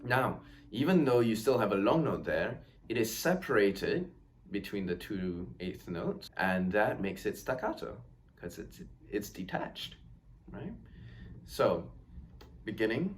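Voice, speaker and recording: A man with a lowish voice gives a step-by-step violin lesson at a measured pace, his pitch swinging widely as he counts beats aloud. He explains patiently, reassuring and encouraging the student. Violin playing and slight noise sit in the background.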